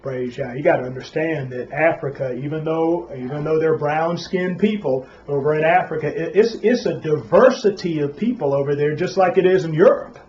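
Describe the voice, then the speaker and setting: A man preaches a Sabbath Bible class in a somewhat high voice. He keeps coming back to "Praise Yah" and keeps asking questions of his listeners. The recording sounds dull and lo-fi. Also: moderate pace, hardly any pauses, darkish tone, slight background noise.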